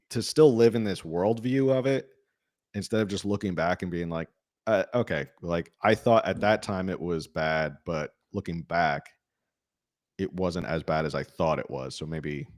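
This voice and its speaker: A man's voice: low voice, a little mellow. A man co-hosting a podcast, talking casually and rambling with many fillers. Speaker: podcast co-host. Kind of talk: casual chat.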